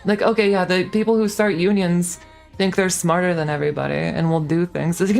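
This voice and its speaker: A woman's voice: on the low side, brisk, darkish tone, faint music behind. A young woman in her twenties, a streamer ranting casually, heated and swearing with lots of fillers and restarts. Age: 20s. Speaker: VTuber streamer.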